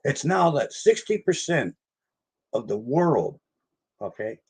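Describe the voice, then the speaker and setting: A man's voice: mid-range voice, big pitch swings, takes it slowly, darkish tone, husky. An older man, a paranormal investigator, telling personal stories in a rambling, casual way and acting out other people's voices. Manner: rambling, laughs often, acts out voices in his story. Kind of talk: casual storytelling interview.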